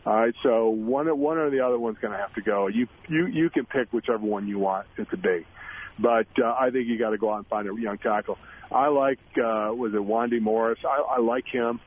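Phone-in guest: a man who talks football emphatically, in a middle-pitched voice on a tinny line. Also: a little fast, a little hiss or hum. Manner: emphatic, repeats himself while building a point. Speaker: guest, former football center. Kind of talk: radio sports talk. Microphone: phone call.

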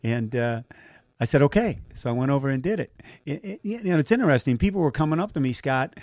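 Lively older man spinning stories. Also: medium pitch, quick pace, no room sound. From Southern California. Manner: animated anecdotes, acts out quoted voices, laughs often. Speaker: guest, race announcer. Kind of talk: casual interview storytelling.

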